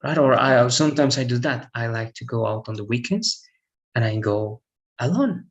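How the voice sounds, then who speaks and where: A man's voice: mid-range voice, expressive, normal speed, dull audio. A man teaching an English grammar lesson one-on-one online. He explains patiently, repeats himself, and keeps checking understanding with "all right?".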